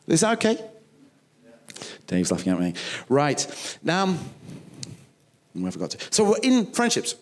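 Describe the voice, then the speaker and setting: A man's voice: medium pitch, very animated, fairly quick. A man preaching a sermon, emphatic and conversational, acting out little quoted dialogues. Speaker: pastor.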